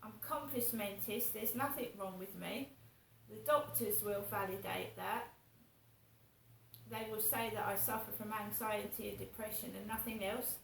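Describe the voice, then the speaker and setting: A woman's voice: mid-range voice, unhurried, vocal fry, a bit bright, slight background noise. A woman vlogging in a rambling, indignant monologue, swearing as she talks. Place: home flat. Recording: roomy echo, distant from mic.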